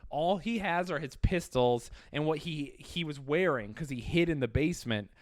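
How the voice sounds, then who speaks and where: A man co-hosting a podcast, telling an animated, profane story in casual chat. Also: on the high side, moderate pace, no echo, studio quality. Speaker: podcast co-host.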